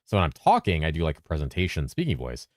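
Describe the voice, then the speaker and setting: A man with a very deep voice, chatting casually on a game stream, reading messages from chat aloud and answering them with casual swearing. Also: no room sound, studio quality. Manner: lively presenter inflection at times, drops into a flatter low voice at other times; talks fast to keep up with chat.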